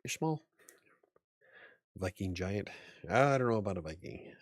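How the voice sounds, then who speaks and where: A man's voice: sits low, moderate pace, creaky, long pauses, no room sound, clean studio sound. A man hosting a casual livestream as an author, rambling a little, chuckling and answering chat comments aloud.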